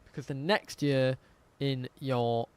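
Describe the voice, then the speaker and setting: A man's voice: medium pitch, steady tone, slow, clear, resonant tone. A man streaming a dinosaur game, chatting casually with viewers, reading out chat and swearing often.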